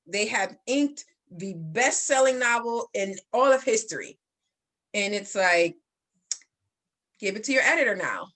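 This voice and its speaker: A woman writing coach chats casually with a bright, forceful voice pitched a bit high. She's a bubbly storyteller who pokes fun at herself. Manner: bubbly storyteller, playful self-mockery. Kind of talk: casual chat.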